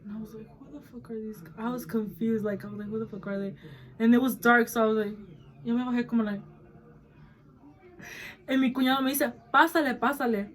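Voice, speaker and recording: Young woman vlogger, 19, somewhat high voice; blunt, profane storyteller mixing English and Spanish. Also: steady tone, fast talker, pauses often, low-quality recording. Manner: blunt, swears a lot, switches between English and Spanish. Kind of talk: casual storytime chat.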